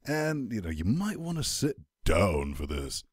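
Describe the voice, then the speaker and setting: A man's voice: lowish voice, sing-song, unhurried, breathy edge, no echo, clean studio sound. A man hosting a gaming podcast, joking brashly and crudely in casual banter. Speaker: podcast host.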